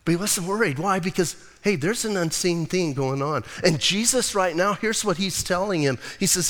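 A man's voice: high voice, moderate pace, few pauses. A man preaching a casual, jokey sermon as pastor, acting out the Bible scenes in voices. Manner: animated, jokey, slips into voiced characters. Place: church sanctuary. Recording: long hall reverb.

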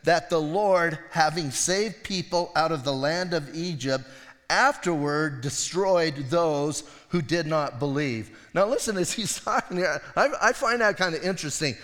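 A man's voice: a little high, measured pace, a bit bright. A male pastor preaching a sermon in a casual, conversational way, acting out voices as he retells stories. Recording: long hall reverb.

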